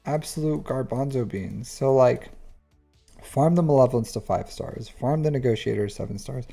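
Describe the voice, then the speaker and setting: A man reviewing a player's game account on a live stream, chatty and animated, with lots of fillers. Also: mid-range voice, normal speed, vocal fry, soft background music. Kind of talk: casual live-stream commentary.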